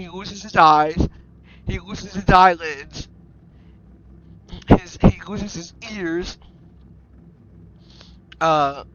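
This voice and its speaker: A man narrating an improvised toy story in a rambling, excited way, restarting sentences and jumping into silly voices. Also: high-pitched, muffled recording. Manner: breaks into loud silly character voices. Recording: noisy home recording with clicks.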